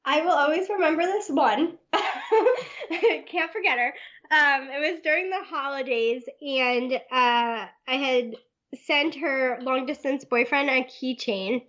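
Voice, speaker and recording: High-voiced laughing woman, lo-fi. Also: slow. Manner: lively storyteller, laughs often. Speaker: Etsy shop owner, guest. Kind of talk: casual interview chat.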